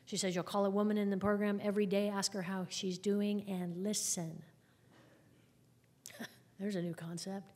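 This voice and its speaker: A woman's voice: mid-range voice, little pitch movement, normal speed, long pauses, a little mellow. A woman telling her personal recovery story to a group at a meeting, candid and conversational, with wry humor. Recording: long hall reverb.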